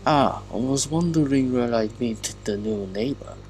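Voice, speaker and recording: A man voicing a pleasant, cultured man in a trench coat, speaking with a put-on Russian accent in a courteous, unhurried way. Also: medium pitch, a little mellow, faint music behind, lightly acted, low-quality recording.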